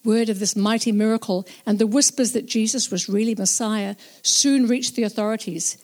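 A woman narrating a Bible story as a first-person witness, slow, reflective and earnest. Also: on the high side, fairly even intonation, darkish tone.

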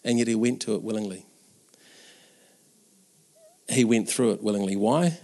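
A man's voice: fairly low pitch, moderate pace, mellow. Earnest conversational male preacher. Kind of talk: Easter sermon.

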